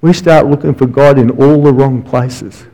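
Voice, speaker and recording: A man's voice: mid-range voice, fairly even intonation, normal speed, dark tone, rough recording. A man preaching as a guest speaker and counsellor, telling stories with asides and rhetorical questions. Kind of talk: sermon.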